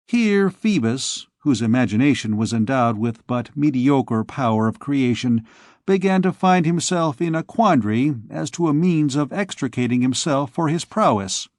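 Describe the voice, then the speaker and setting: A male audiobook narrator reads a classic novel aloud in a measured, even storytelling style. His voice sits in the mid range, and the recording is dry and clean, with studio sound. This is scripted narration.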